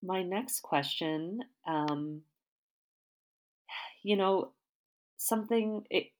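A woman's voice: low-pitched, darkish tone. A woman artist interviewing a podcast host, asking long, thoughtful questions with fillers.

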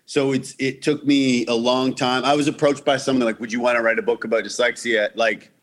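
A man from Canada talks as a guest comedian, his mid-range voice tumbling through restarts and acted-out quotes. The chat is loose and animated, with a quick storyteller's energy. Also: medium pitch. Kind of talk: casual podcast chat.

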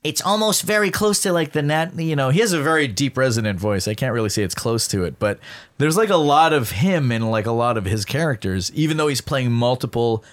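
A middle-aged male voice actor chatting casually on a podcast, animated and full of fillers. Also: medium pitch. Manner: fast, animated storytelling with many fillers. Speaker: guest voice actor.

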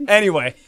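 A man hosting a live podcast panel, chatty and quick to laugh, asking the audience questions. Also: sits high, pushed and bright. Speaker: podcast host and game publisher.

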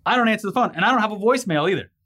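A man's voice: high voice, expressive, rapid-fire, bright, forceful tone. A man co-hosting a casual news chat, rambling and laughing easily as he reads out stories. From California. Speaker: podcast co-host.

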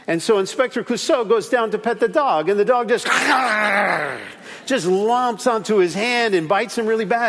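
Animated high-voiced pastor preaching. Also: male voice, moderate pace, long reverb tail. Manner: animated, repeats key phrases, acts out little stories. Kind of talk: sermon.

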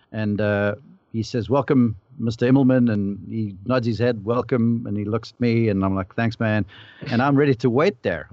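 A man's voice: mid-range voice, darkish tone, no echo, lo-fi sound. A man on a podcast casually telling a story, acting out the lines of the people in it. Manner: anecdotal, acts out quoted dialogue. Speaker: podcast panelist, former caddie.

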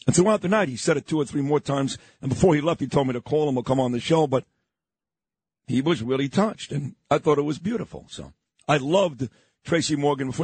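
Older man, husky animated radio host. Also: on the high side, fairly quick, no room sound. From New York. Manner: storytelling, emphatic, boastful. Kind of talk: morning radio talk.

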